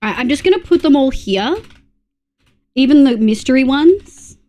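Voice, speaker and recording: Young Australian woman, chatty streamer voice, a touch high, reads aloud to chat, laughs easily. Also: lively intonation, normal speed, warm tone. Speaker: livestreamer. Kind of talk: casual live-stream chat.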